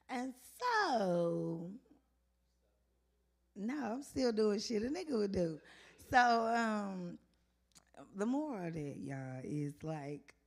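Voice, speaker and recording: A woman's voice: mid-range voice, vocal fry. A woman doing casual stand-up at an open mic, chatty and rambling, often losing her thread and laughing at herself. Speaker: stand-up comedian. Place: open mic venue stage.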